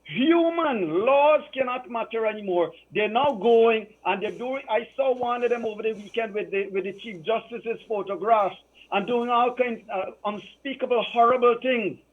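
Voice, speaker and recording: Heated male caller, high-pitched voice, tinny phone line, hammering his points with repetition. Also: moderate pace. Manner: emphatic, repeats phrases for emphasis. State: emotional. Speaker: political commentator. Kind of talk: impassioned political talk.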